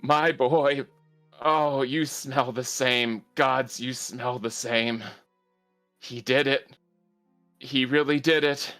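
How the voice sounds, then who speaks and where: A man's voice: mid-range voice, fairly even intonation, takes it slowly, pushed and bright, faint music behind, pitched above the performer's own voice. A man doing a fierce, vengeful mother. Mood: tearful relief. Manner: snarling threats, then choked sobbing. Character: fierce middle-aged mother, vengeful yet tender.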